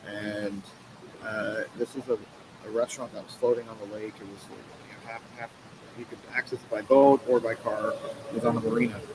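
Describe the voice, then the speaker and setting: A man telling a personal story as an interview guest in an earnest, halting way, full of fillers and restarts. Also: fairly low pitch, flat delivery, very noisy. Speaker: guest, company co-founder and president. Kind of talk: conversational storytelling interview answer. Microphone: live stream mic.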